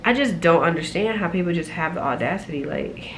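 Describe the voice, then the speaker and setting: Vlogger type: young woman, lowish voice, sassy animated storytime, faint hiss on the camera mic. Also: brisk. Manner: animated, sassy, loud laughs, exclaiming. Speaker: flight attendant vlogger. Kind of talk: casual storytime vlog.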